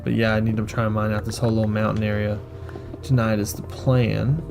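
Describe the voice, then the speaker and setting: A man's voice: fairly low pitch, flat delivery, fairly quick, vocal fry, music in the background. A young man rambling and joking through casual gameplay commentary. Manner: rambling, joking, self-mocking. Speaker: gaming streamer.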